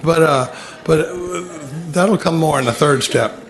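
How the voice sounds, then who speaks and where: A man's voice: a little high, a little slow, very noisy. A man speaking at a recovery meeting, walking through a recovery text and telling folksy, self-mocking stories with plenty of humor.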